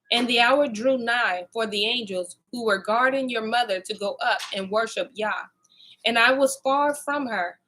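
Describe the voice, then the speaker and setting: A woman's voice: fairly high pitch, a bit bright, poor audio. A woman reading the lines of a weary, grieving old man who is dying, in her own voice. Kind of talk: reading scripture aloud.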